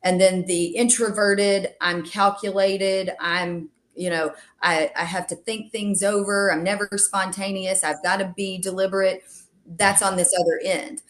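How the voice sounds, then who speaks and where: A woman, a real estate agent who calls herself an extreme extrovert, telling animated stories as a podcast guest and acting out the dialogue. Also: medium pitch, a little slow. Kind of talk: casual interview storytelling.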